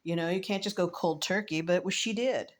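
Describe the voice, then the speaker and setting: A woman in her fifties, a tarot reader, talking through a card reading in a reflective, emotional and rambling way, with many fillers and soft laughs. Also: lowish voice, moderate pace. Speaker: tarot reader and spiritual medium. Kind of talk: casual spiritual vlog, tarot reading.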